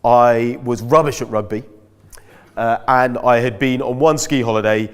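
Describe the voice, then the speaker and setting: A man's voice: medium pitch, steady tone, normal speed, smooth. A man, giving a chatty, self-mocking talk as a guest speaker at a school. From Britain. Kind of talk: anecdotal talk to an audience. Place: school hall. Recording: echoey hall.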